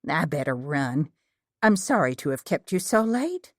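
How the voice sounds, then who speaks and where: A woman voicing a polite, gently cheerful middle-aged woman who runs a bed and breakfast. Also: low-pitched, big pitch swings, a little slow, dry recording, clean studio sound, heavily acted. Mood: gracious. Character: gracious middle-aged woman innkeeper, modest.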